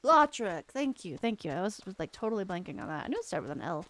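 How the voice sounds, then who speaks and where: A woman's voice: medium pitch, sing-song, quick pace, a bit bright. A young woman streaming a game, chatting casually and rambling as she searches for names. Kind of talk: casual gaming commentary.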